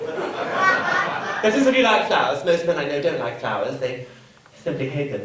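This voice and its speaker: A man's voice: mid-range voice, pitched below the performer's own voice. Man doing a prim lonely lady. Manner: prim, hushed, coy and flirtatious. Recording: live comedy club, echoey, mic far off.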